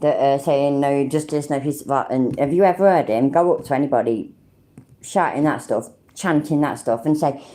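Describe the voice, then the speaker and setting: A woman with a mellow, bass voice speaks at normal speed while hosting a livestream. In a British accent, she gives blunt, sweary live reactions and talks with her chat.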